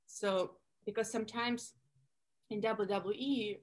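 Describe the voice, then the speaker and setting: Russian accent woman on a podcast, animated storyteller, lots of likes. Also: mid-range voice, takes it slowly, low-quality recording. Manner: animated storytelling, acting out quoted lines, many likes. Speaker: podcast guest, former wrestler. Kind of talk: casual interview chat.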